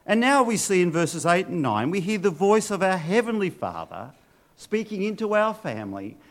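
Middle-aged male pastor, earnest preacher, slightly high voice with a wide, lively range. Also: moderate pace. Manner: earnest preaching with rhetorical questions. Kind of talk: sermon.

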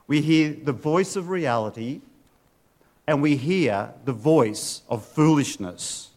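Middle-aged male pastor, earnest preacher, slightly high voice with a wide, lively range. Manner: earnest preaching with rhetorical questions. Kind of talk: sermon.

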